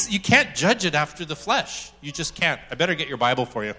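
A man preaching a sermon in a lively, joking way, telling stories and acting out quotes as he talks to a congregation. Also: a little high, moderate pace. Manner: animated and joking, acts out quotes. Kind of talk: sermon with storytelling.

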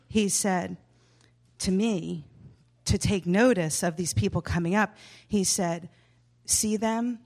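A woman's voice: mid-range voice, takes it slowly, a little mellow. A woman sharing a vision at a church service, earnest and hesitant, with many fillers and restarts.

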